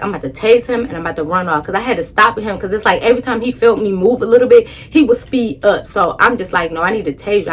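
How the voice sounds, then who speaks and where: A woman's voice: mid-range voice, a little hiss or hum. A young woman in AAVE telling a dramatic storytime to her viewers, acting out her own thoughts. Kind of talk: casual storytime.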